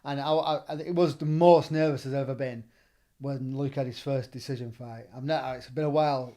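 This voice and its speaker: A middle-aged man with a Northern English accent, telling stories in a relaxed chat as a gym owner and trainer, acting out the lines he quotes. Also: mid-range voice, moderate pace. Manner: animated, acts out quoted dialogue. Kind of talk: casual storytelling.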